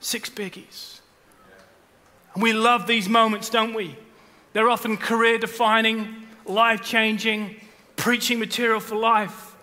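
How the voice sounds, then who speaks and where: A man, preaching a sermon and telling stories with loud bursts and hushed asides. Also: high voice, a little slow, hardly any pauses, in a large hall. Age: 40s. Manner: animated storytelling, swings between loud bursts and hushed asides. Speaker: pastor. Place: large church hall.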